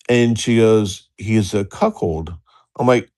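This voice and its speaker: A man's voice: medium pitch, normal speed, a little mellow. A middle-aged man telling a crude personal story in a rambling way, often laughing and acting out the dialogue. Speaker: storyteller on a livestream talk show. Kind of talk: casual storytelling.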